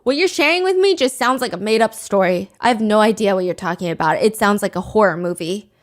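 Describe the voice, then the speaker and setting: Animated woman narrating true crime. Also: medium pitch, fast talker. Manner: animated, reads quotes aloud with feeling. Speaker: podcast host.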